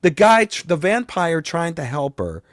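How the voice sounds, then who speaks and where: A man playing Count Crackula, a lively ranting vampire. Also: a little high, normal speed, no echo, clean studio sound. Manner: rambling and exasperated, swears, voice often climbs and grows loud. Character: boastful vampire talk-show host. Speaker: host. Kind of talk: comedic rant.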